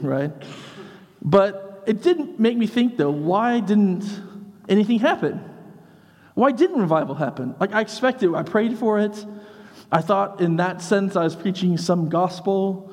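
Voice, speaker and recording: A man preaching a sermon as vicar, telling a funny story in an animated way, moving from hushed lines to shouts. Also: high voice, in a large hall.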